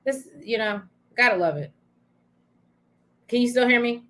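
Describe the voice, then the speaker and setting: A woman's voice: a little high, unhurried, fairly bright tone. Chatty woman co-hosting a recap show. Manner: chatty, thinks aloud with many "um"s. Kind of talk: casual recap chat.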